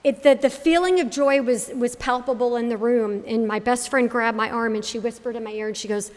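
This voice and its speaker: Middle-aged woman, faith testimony, lively storyteller, fairly high voice, reverb of a hall. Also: fairly quick. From Connecticut. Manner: animated storyteller acting out quoted voices. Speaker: speaker giving a faith testimony.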